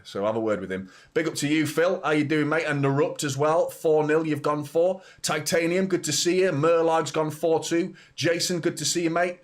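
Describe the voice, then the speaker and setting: A young man hosting a football watchalong live stream, chatting casually, reading out viewer comments and often stumbling over his words. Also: medium pitch. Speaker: football channel host.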